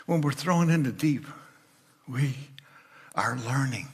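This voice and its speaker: An older man giving a storytelling sermon as a guest speaker in church, sometimes voicing the people in his stories loudly. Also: medium pitch, expressive, slow pace, slightly rough. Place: church sanctuary.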